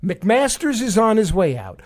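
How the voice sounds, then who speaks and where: High-voiced New York radio host. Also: male voice, big pitch swings. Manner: halting, full of restarts and fillers. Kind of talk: casual radio chat.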